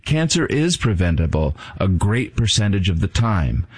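A man guest on a talk program, explaining in a steady, lecturing way. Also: low voice, normal speed, husky, dry recording. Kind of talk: casual interview talk.

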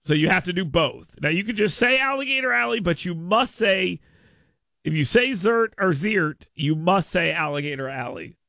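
Gravelly, bright-voiced radio host. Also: male voice, sits high, animated, normal speed, dry recording, studio quality. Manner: playful, mock-proclamatory, rambling with restarts. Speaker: radio talk show host. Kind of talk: casual talk radio banter. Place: radio studio. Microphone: studio microphone.

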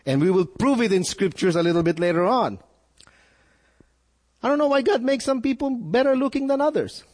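A man's voice: very high voice, animated, brisk, darkish tone. A male pastor preaching a sermon, putting questions to his listeners and repeating words as he builds his point. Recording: echoey hall with long reverb.

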